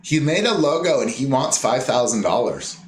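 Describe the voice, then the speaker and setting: A man rants scornfully in a rambling monologue, slipping into mocking impressions of others. His mid-pitched voice bounces around an echoey room, with a faint hum behind it. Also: sing-song, moderate pace. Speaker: commentator. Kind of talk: ranting monologue.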